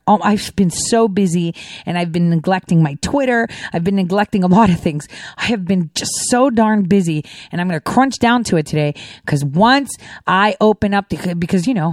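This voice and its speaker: A woman's voice: medium pitch, darkish tone, no echo. A woman giving an indignant political monologue, ranting and firing off rhetorical questions. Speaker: political commentator. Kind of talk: opinionated monologue.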